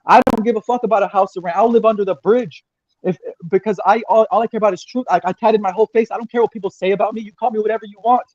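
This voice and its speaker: Excitable guest, high voice, restless and profane, dull lo-fi sound. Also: male voice, very fast, dry recording. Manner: rambling, agitated, profane, repeats himself. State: crying. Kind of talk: emotional livestream interview.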